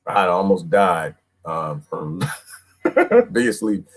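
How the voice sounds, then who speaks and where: On a livestream, a man rants casually in folksy slang, rambling, repeating himself, and reading chat comments aloud. His gravelly voice moves slowly, with swooping pitch, animated energy, and frequent laughs.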